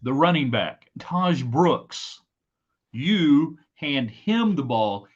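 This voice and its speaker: A middle-aged man hosting a casual live-stream chat from his home office, talking in an animated, emphatic and rambling way. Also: on the high side, extremely slow, dull audio. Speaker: host.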